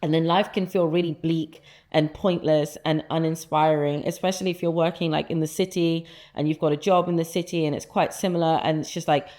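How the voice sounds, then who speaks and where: This young woman, a lifestyle vlogger, talks at a fairly quick clip with hardly any pauses, her low, steady voice carrying a darkish tone. She's out of breath, chatty and eager, full of fillers, filming a casual vlog indoors in her apartment living room.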